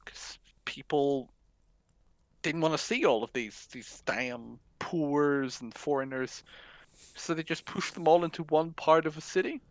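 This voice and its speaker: A man's voice: a little high, measured pace, no room sound, poor audio. A man co-hosting a political podcast, talking casually in an offhand, sweary manner. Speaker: podcast co-host.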